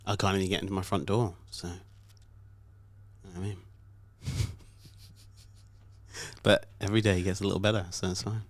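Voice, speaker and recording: A man's voice: low-pitched, flat delivery, normal speed, pauses often, dry recording. A British man co-hosting a podcast, chatting casually with many small hesitations. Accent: British English. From Britain. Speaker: podcast co-host. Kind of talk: casual chat.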